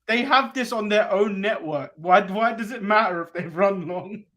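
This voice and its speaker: A man's voice: sits high, normal speed, sharp tone. A man co-hosting a casual live stream, teasing his partner and laughing often. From England. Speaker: co-host.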